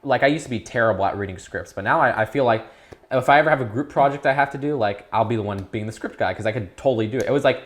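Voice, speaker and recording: A young man in his teens talking casually as an interview guest, rambling with restarts and perking up when excited. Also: mid-range voice, very fast. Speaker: YouTube creator, guest.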